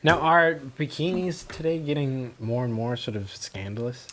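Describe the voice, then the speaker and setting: A man's voice: mid-range voice, lively intonation, normal speed, a bit bright, a little hiss or hum. A man hosting a casual chat show in a playful, loose way, laughing easily. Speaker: host.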